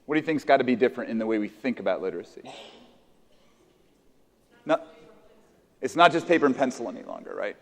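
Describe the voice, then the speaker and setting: A man's voice: medium pitch, sing-song, fast talker, creaky, pauses often. American man talking in an echoing hall. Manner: conversational, echoes audience answers, many restarts. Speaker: conference presenter. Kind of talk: interactive workshop talk with teachers. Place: conference hall with an audience.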